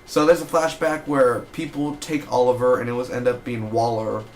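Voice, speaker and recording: Man, casual TV episode review, excitable, rambling, fillers, mid pitch, faint background hiss. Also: normal speed.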